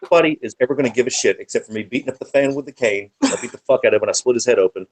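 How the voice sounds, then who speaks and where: A man in a casual podcast chat who rambles through stories with plenty of swearing. His voice sits at an ordinary middle pitch, and his telling is lively and unfiltered. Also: very fast, low-quality recording. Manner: profane, animated, rambling anecdotes. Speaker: podcast guest, wrestling manager.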